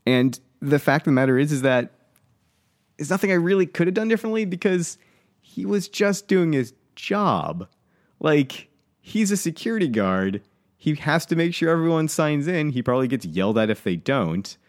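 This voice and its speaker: A man co-hosting a casual podcast, telling an annoyed story with lots of swearing and lively venting. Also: fairly high pitch, normal speed. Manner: animated, swears, worked up while telling a story. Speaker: podcast co-host.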